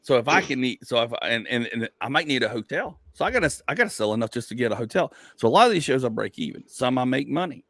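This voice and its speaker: A man's voice: medium pitch, fast, few pauses, dry recording. A male comedian hosting a casual podcast, telling stories with lots of restarts and some swearing. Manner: animated storytelling, rambling with many restarts and swearing.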